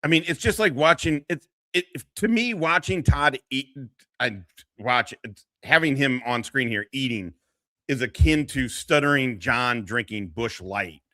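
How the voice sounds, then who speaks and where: A man's voice: medium pitch, measured pace, pushed and bright, dry recording. A man hosting casual commentary on a streamer, profane and mocking, often laughing.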